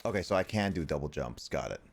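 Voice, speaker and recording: A man's voice: rumbling low, lively intonation, fast talker. A man streaming a video game, chatting casually, laughing often and restarting his sentences. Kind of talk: casual gameplay chat.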